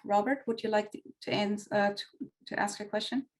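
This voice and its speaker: A woman with a German accent, a native German speaker, moderates an online Q&A. Her delivery is hesitant, full of ums and restarts. She speaks at a middle pitch over a video call. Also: fairly even intonation, brisk. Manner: hesitant, many fillers and restarts. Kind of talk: webinar Q&A moderating.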